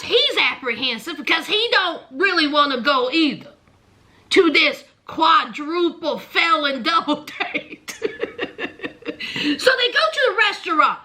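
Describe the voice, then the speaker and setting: A woman with a very high, bright voice gossips through a reality show recap at an unhurried pace. She is sassy and chatty, laughs often, and slips into voices for the people in the story.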